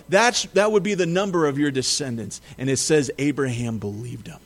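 A man's voice: fairly high pitch, normal speed, hardly any pauses, fairly bright tone. A man preaching a sermon, reading scripture and retelling it in a conversational, emphatic way. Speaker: pastor.

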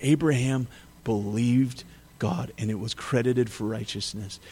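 A man's voice: medium pitch, fairly even intonation, a little slow, a little mellow, husky. A man preaching a sermon, reading scripture and retelling it in a conversational, emphatic way. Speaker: pastor.

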